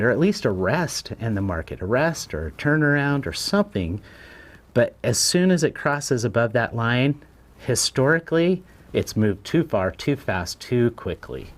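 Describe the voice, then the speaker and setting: A man teaching a live trading lesson in a conversational way, often repeating words and checking in with "right?". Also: lowish voice. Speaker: trading educator.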